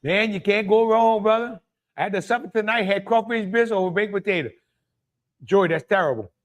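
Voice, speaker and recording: A man with a Louisiana accent hosts a casual live cooking stream, speaking a little fast in a high-pitched voice. He's chatty and exclamatory, greets viewers by name, and laughs often.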